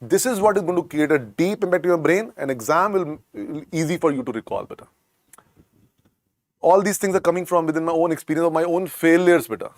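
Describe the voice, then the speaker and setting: A man's voice: on the high side, a little fast, no echo. A man with an Indian English accent teaching a medical exam class, repeating key points and coaxing his students with the word beta. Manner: repetitive, coaxing, keeps calling students "beta". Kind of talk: lecture.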